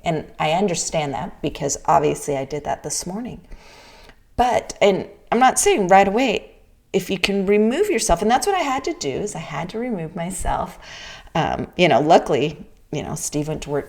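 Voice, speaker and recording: A woman's voice: on the low side, creaky, a little mellow. A middle-aged woman from the Pacific Northwest, talking candidly in a personal vlog and often checking in with "right?". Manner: chatty and candid, frequent restarts and "right?" asides. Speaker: vlogger. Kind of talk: casual personal talk.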